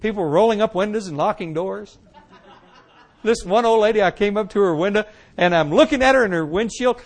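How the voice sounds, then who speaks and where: A high-voiced man gives his testimony from the pulpit. His storytelling is animated, rising loud and dropping to a hush, and he acts out every line he quotes. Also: a little fast. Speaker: preacher giving his testimony. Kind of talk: sermon testimony.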